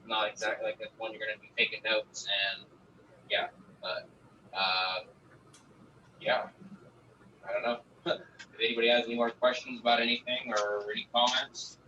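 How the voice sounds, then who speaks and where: A man's voice: lowish voice, level tone, normal speed, pauses often, pushed and bright. A man talking casually and profanely about growing, rambling through numbers and stories. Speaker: guest grower. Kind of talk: casual livestream chat. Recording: distant lo-fi mic with faint noise.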